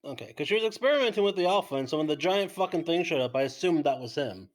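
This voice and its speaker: A man's voice: a little high, expressive, fast talker. A man playing a tabletop game, chiming in with questions about the rules. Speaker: player. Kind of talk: casual tabletop game chat.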